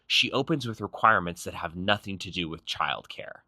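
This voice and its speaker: Snarky deep-voiced man narrating a recap. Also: animated, sharp tone, a little hiss or hum. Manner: snarky, punchy, quick quips. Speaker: recap show host.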